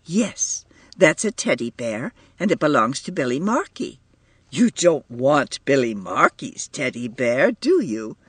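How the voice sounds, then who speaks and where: A man reading aloud and voicing a proud, doting young mother who coaxes her child gently. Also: medium pitch, very animated, measured pace, husky, no room sound, full character voice. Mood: coaxing. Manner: tender, gently coaxing. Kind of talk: audiobook reading.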